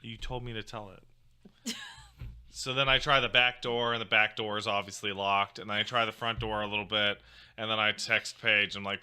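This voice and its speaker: A young man and co-host, chatting casually and telling a rambling story in a deadpan way. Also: lowish voice, normal speed, smooth. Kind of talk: casual chat.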